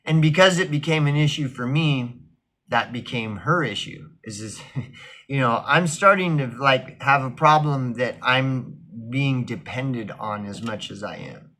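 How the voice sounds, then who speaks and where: A man's voice: mid-range voice, unhurried, fairly bright tone. A man telling a casual, rambling story, swearing often and packing his talk with fillers. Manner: rambling, profane, full of fillers.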